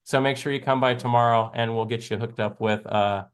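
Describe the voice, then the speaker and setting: A man's voice: medium pitch, fairly even intonation, a little fast, clear, resonant tone. Jokey rambling man hosting a live show. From American South. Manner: rambling, jokey, laughs often. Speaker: live trading show host. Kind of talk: casual chat on a live stream.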